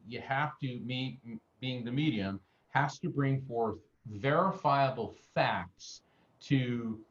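A man's voice: mid-range voice, muffled recording. An American man, a guest medium, telling anecdotes in an interview and acting out the people he quotes. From United States. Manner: animated anecdotal storyteller, acts out quotes. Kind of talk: interview storytelling.

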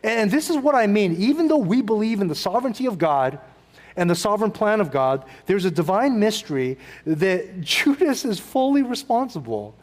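A middle-aged man delivers a sermon in a high, bright-sounding voice. He talks to the congregation casually, acting out little scenes and tossing in asides. The sound carries the long reverb of a large church hall. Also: moderate pace. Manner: conversational, animated, acts out quotes with asides. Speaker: pastor.

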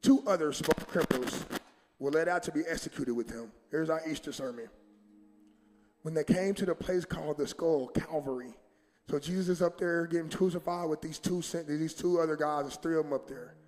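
A man's voice: fairly high pitch, moderate pace, a little mellow, in a large hall. A man preaching a sermon as pastor, talking straight to his congregation in casual everyday phrasing and acting out quoted voices with rising emphasis. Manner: colloquial, addresses congregation directly. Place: church sanctuary.

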